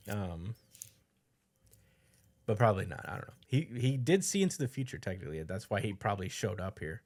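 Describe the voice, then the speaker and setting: A man's voice: lowish voice, very animated, brisk, a little mellow. A man co-hosting a podcast, casually recapping a comic chapter, rambling with lots of fillers and acting out the characters' lines. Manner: rambling, many fillers, acts out quotes. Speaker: podcast co-host.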